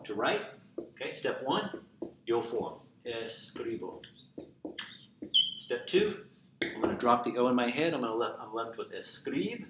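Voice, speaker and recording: A man's voice: medium pitch, unhurried, pauses often. A male teacher giving a classroom lecture, walking through examples step by step and repeating each one. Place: empty classroom. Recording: echoey classroom with steady noise.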